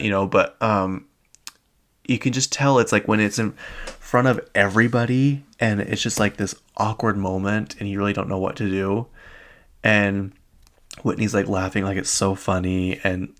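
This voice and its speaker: Brief: man host, low gravelly voice, loose rambling recap chat full of "like"s. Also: a bit bright. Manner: rambling, many fillers and "like"s. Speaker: podcast host.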